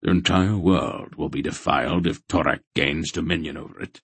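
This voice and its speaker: A man's voice: very deep voice, fairly even intonation, normal speed, slightly rough, dry recording, heavily acted. A man voicing a brusque, commanding old male sorcerer in an audiobook. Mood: grave. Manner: firm, brusque. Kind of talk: audiobook character voice.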